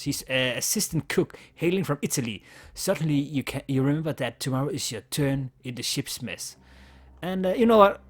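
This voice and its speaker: A man with a higher, slightly bright voice plays a text adventure game aloud in casual let's-play style. He stumbles over words, laughing and swearing as he reads.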